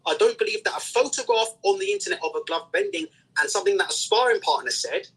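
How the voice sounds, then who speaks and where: A man's voice: high voice, expressive, fast, fairly bright tone, breathy edge, poor audio. A man from England, a guest on a video call, insistently pushing to make his point in a heated online debate.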